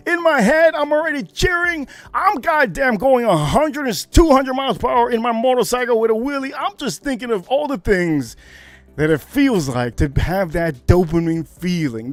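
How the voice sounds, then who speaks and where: A man hosting a livestream, telling a story to his chat in a loose, excitable way with loud bursts and swearing. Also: high-pitched, no echo. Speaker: livestream host. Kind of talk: casual storytelling to a live chat.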